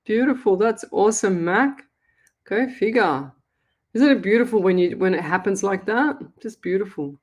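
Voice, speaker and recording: Middle-aged Australian woman, live call-in host, mid pitch, chatty and blunt. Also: expressive, normal speed, darkish tone. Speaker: psychic medium radio host. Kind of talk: live call-in reading, casual chat.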